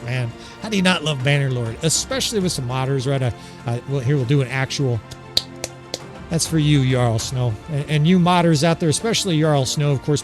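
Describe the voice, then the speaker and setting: A man casually commentating his strategy game as he plays, swearing and laughing often and tagging his points with "right?". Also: medium pitch. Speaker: gameplay commentator. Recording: game music playing loudly behind. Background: game soundtrack music.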